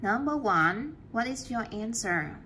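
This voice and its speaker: A woman's voice: on the high side, expressive, sharp tone, a little hiss or hum. A woman teaching an English class, patiently checking answers and praising students often. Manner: slow, patient.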